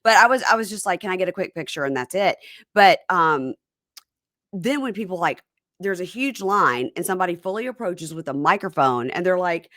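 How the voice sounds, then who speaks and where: A woman with a fairly low voice, recorded dry and close. She hosts a chatty podcast, laughing easily and backing up her guest with quick agreement. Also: expressive, fairly bright tone, no echo. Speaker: podcast host. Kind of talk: casual chat.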